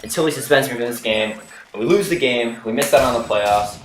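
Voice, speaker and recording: A man's voice: medium pitch, brisk. A young man casually telling a story from his school days, rambling with lots of "like" and "you know". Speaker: vlogger. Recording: roomy echo with faint noise.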